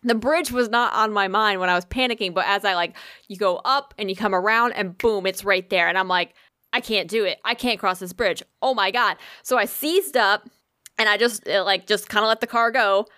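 A young woman casually telling a spooky personal story, animated and swearing freely. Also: medium pitch, moderate pace, no echo, clean studio sound. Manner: animated, swears a lot, laughs often.

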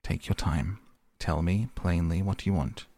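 A man voicing a concerned, steady middle-aged lawyer in an audiobook, speaking in an earnest, measured way. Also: low voice, no room sound.

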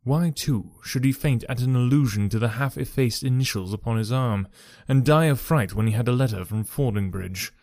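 A man reading a classic detective story aloud in a measured, even way. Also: mid-range voice, no room sound, studio quality. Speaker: audiobook reader. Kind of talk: scripted narration.

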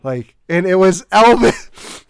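A man's voice: sits high, expressive, takes it slowly, background noise. A man hosting a podcast in casual chat, steering the talk in a rambling way and laughing as he goes. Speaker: podcast host.

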